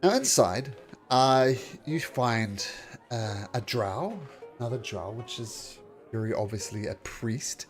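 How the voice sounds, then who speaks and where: A man narrating a tabletop game as game master, halting often and filling gaps with "uh". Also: mid-range voice, expressive, soft background music. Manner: halting, full of fillers.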